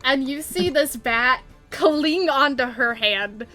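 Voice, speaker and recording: A woman running a tabletop game, playful and quick to laugh. Her voice is high and bright, and she narrates at an unhurried pace. Faint music plays behind her. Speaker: game master.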